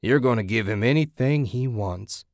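A man voicing a crude, bossy male club owner who talks in a gruff, leering way. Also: mid-range voice, moderate pace, a little mellow, dry recording, studio quality, close to an everyday voice. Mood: sleazy.

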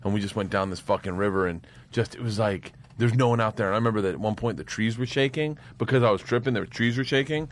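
A man's voice: on the low side, fast talker. A man, a guest comedian, telling loose stories in casual chat, laughing often and swearing freely.

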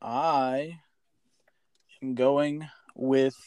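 A man with a clear, smooth voice co-hosts a casual sports podcast. He thinks aloud, hedging with "um"s before he commits to a pick. The recording is dry and close. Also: medium pitch, steady tone, extremely slow, darkish tone, dry recording. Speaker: podcast co-host.

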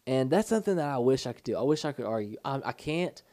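A young man co-hosting a podcast, telling rambling stories in casual chat with halting restarts. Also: mid-range voice, animated, warm tone, no echo. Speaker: podcast co-host.

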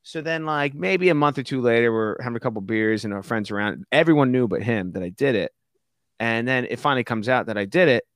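Animated man telling a prank story. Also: mid-range voice, fast, dry recording, studio quality. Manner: animated storyteller, acts out quoted voices. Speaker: guest. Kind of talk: casual storytelling chat.

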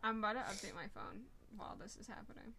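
A woman's voice: mid-range voice, fast, gravelly, sharp tone, slight background noise. A woman co-hosting a podcast in casual chat, blunt and teasing, swearing freely. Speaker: podcast co-host.

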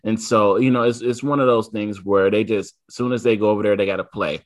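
A man's voice: fairly low pitch, steady tone, fast. A man in his thirties, a podcast co-host, telling a family story in casual chat and acting out his son's lines.

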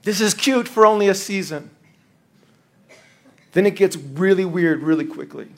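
A man preaching a sermon in a folksy, animated way, acting out the lines he quotes. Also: high voice, normal speed. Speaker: pastor.

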